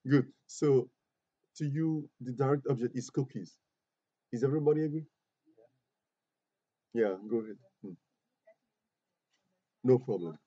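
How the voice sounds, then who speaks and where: A man's voice: medium pitch, a little slow, pauses often, warm tone, breathy edge, dry recording. A man teaching an English grammar class in a classroom, patiently repeating himself and asking the students questions. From Côte d'Ivoire. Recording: muffled lo-fi classroom recording.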